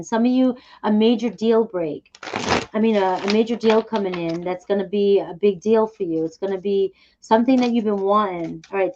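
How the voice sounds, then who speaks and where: A woman reads tarot cards in a relaxed, chatty way. She talks upbeat and reassuring at a mid pitch, checking in with the listener often. The recording sounds a little dull and lo-fi. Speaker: tarot reader. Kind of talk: casual tarot reading.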